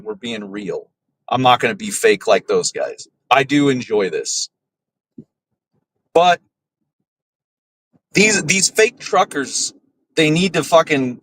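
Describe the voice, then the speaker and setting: A man's voice: medium pitch, fairly bright tone, slight background noise. A man hosting a podcast, ranting heatedly and swearing often, tagging his points with "right?". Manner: heated, swears a lot, keeps asking "right?". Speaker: podcast host. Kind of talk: casual profane rant.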